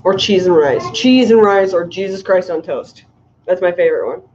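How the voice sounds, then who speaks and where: A woman's voice: lowish voice, animated, normal speed, darkish tone, slight background noise. A middle-aged woman rambles cheerfully to her viewers, giggling and stacking up likes. The audio is muffled, like a lo-fi stream. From United States. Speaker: fishkeeping livestream host. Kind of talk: casual livestream chat reading comments.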